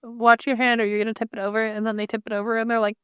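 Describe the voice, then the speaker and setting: Woman, higher smooth voice, dry close mic; lively, filler-heavy podcast co-host. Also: very fast, dry recording. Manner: animated, filler-heavy, jumps in with examples. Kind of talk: casual chat.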